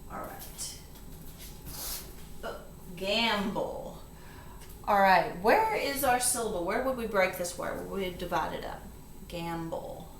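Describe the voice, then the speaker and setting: Lady tutor doing phonics, sounding out syllables real slow, kinda far from the mic in an echoey room w/ a little hiss. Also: medium pitch, expressive. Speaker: reading tutor. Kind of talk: step-by-step phonics lesson.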